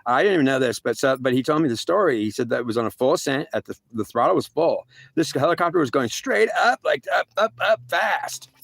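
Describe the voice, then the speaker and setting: A man's voice: medium pitch, expressive, fairly quick, gravelly, fairly bright tone, breathy edge, no echo. A man telling a rambling first-person story, repeating himself and filling with "like" and "literally.".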